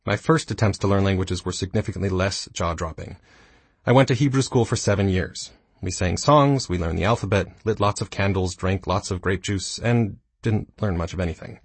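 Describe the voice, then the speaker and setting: Casting note: man in his thirties, low, husky voice, dry self-deprecating audiobook read, close and dry mic. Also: dry recording. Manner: dry, self-mocking humor. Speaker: audiobook narrator. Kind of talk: scripted nonfiction narration.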